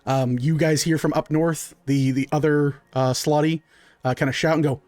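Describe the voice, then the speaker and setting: A man's voice: on the high side, steady tone, normal speed, a little mellow, no echo, soft background music. A man running a tabletop game as game master, narrating in a loose, chatty way with lots of fillers.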